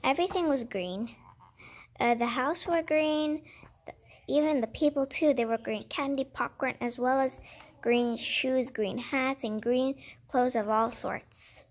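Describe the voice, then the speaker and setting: A woman's voice: high voice, unhurried. A woman casually reading a picture book aloud, stumbling over words, correcting herself and adding chatty asides.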